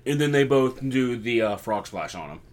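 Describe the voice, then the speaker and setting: A young man talks through a wrestling recap in a loose, chatty podcast style, slipping into little acted-out voices whenever he quotes someone. His voice sits at an ordinary middle pitch. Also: lively intonation, normal speed. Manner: chatty, acts out quoted lines. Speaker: podcast host. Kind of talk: casual wrestling recap chat.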